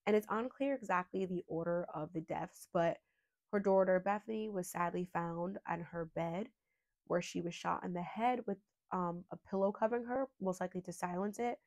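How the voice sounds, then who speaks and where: A woman's voice: lowish voice, moderate pace, darkish tone. A woman hosting a true crime channel, talking earnestly and with emotion, at times holding back tears and rambling with fillers.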